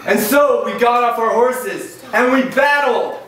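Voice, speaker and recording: A man's voice: very high-pitched, a little slow, fairly bright tone. A man dressed as a knight, telling a hammy, jokey adventure story to children at a party. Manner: hammy, jokey, plays up the drama. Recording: very echoey room, far from camera, faint noise.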